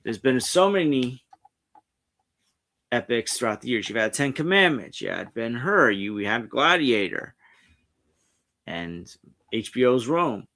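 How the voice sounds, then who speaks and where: Streamer host, New man, mid-pitched, chatty and rambling, restarts often. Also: big pitch swings, unhurried, pauses often, bright, forceful tone. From New York. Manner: rambling, frequent restarts and self-corrections. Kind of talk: casual pop culture commentary, reading articles aloud. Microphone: streaming setup mic.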